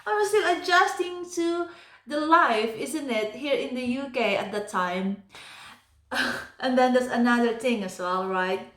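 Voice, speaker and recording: A woman with a Filipino accent tells stories for her vlog, her voice pitched a little high. She talks in an animated way and laughs often between points. The sound bounces around an echoey room. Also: a little slow. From Philippines. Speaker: vlogger. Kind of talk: casual storytelling vlog.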